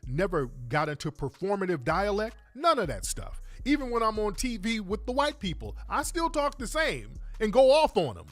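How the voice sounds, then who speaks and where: A middle-aged man hosting a talk show, emphatic and profane, firing off rhetorical questions. His voice sits high and swings widely in pitch. The sound is dry and close, with faint music underneath. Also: wildly swooping pitch, normal speed, few pauses, dry recording. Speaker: radio talk host. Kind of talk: opinionated talk monologue.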